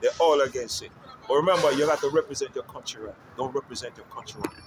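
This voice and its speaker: A musician talking straight to camera on a city street, emphatic and repetitive, often checking that the listener understands. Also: male voice, medium pitch, quick pace, background noise. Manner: emphatic, repetitive, keeps asking "you understand?". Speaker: musician promoting his music. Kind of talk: street-side vlog rant.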